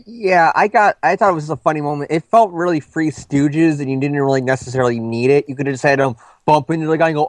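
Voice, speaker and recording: A man co-hosting a relaxed movie review, talking at length and thinking out loud with small restarts. His voice sits a bit high and sounds close and dry. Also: quick pace, hardly any pauses, dry recording. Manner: talkative, thinks aloud with restarts. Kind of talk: casual film review chat.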